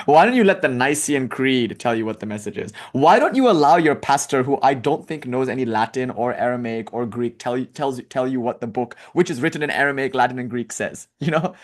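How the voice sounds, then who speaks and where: Brief: young male spiritual teacher, loose lecture style with jokes and tangents, mid-pitched. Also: fairly quick, few pauses. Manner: casual and animated, with tangents and jokes. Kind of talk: casual lecture on scripture.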